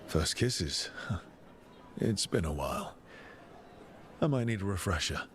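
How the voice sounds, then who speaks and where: A man's voice: low-pitched, lively intonation, measured pace, a bit bright, slight background noise. An actor playing a playful, flirtatious male hero in a video game. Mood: flirty. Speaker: player character. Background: game music.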